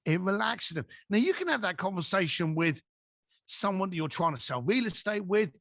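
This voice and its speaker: A man as a podcast guest, giving advice through animated stories and acting out quoted dialogue. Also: sits high, moderate pace, creaky, dry recording, clean studio sound. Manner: acts out quoted dialogue with lively voices.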